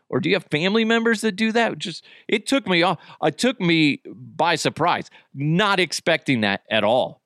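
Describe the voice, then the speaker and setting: A man's voice: fairly high pitch, huge pitch swings, a little slow, a bit bright, dry recording, clean studio sound. A man in his thirties hosting a podcast in a goofy, jokey chat style, laughing often. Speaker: podcast host. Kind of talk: casual chat.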